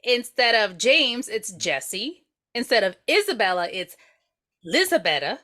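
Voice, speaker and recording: A woman's voice: on the high side, big pitch swings, measured pace, pushed and bright. A woman co-hosting a podcast, bantering playfully while recapping a TV episode. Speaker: podcast co-host. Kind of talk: casual chat recapping a TV episode.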